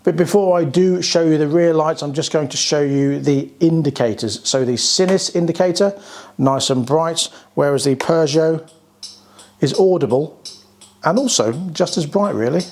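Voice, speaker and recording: British male scooter reviewer, chatty and plain-spoken, slightly high voice. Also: normal speed, a little mellow. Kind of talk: casual product walkaround review.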